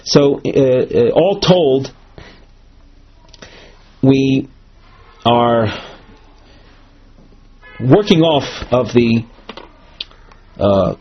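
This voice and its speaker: Guy teaching talmud, slow and explainy, husky voice, kinda muffled lo-fi recording. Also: mid-range voice. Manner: measured, explanatory, with frequent fillers and restarts. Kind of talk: recorded Talmud lesson walking through a marked text. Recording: dull lo-fi recording.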